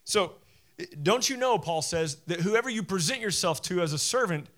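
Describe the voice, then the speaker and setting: A man in his forties preaching a sermon as a pastor, animated and conversational, often self-deprecating. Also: sits high, moderate pace.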